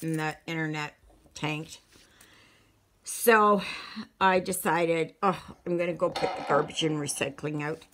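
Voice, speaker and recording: A woman from Canada chats to her viewers in a slow, rambling way. She is a little out of breath and keeps stopping to restart her sentences. Her voice sits slightly low. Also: a bit bright. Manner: rambling, halting, many restarts. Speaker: stitching vlogger. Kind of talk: casual chat.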